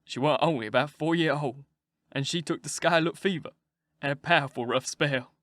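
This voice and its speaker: A man reading aloud, voicing a grieving father who tells his story in a slow rural dialect. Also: a little high, a bit bright, no echo, clean studio sound, close to an everyday voice. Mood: mournful. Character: grieving adult man, a plain-spoken father.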